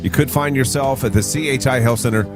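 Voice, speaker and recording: A man's voice: mid-range voice, quick pace, over music. A man hosting a morning radio show, joking with his co-host and running a call-in quiz. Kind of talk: casual radio banter.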